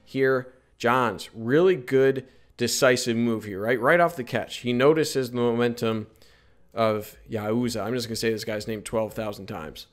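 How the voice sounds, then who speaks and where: A man narrating basketball highlights in a casual voice-over breakdown, chatty and often tagging his points with "right?". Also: fairly even intonation, measured pace, faint music behind.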